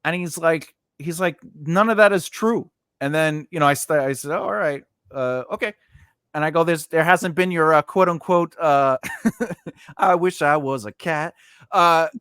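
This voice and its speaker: A man's voice: fairly high pitch, a bit bright, clear, resonant tone, no room sound, studio quality. A man hosting a casual chat over a video call, telling rambling stories full of fillers and restarts. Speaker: podcast host.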